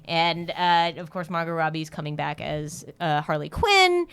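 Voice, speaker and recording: Female co-host, smooth, clear voice, reads movie news casually. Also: sits low, unhurried. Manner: relaxed, with frequent "uh" fillers.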